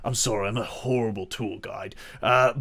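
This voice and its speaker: A man voicing a gruff male town gate guard who gives rambling directions. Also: on the low side, steady tone, moderate pace, fairly bright tone. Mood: sheepish.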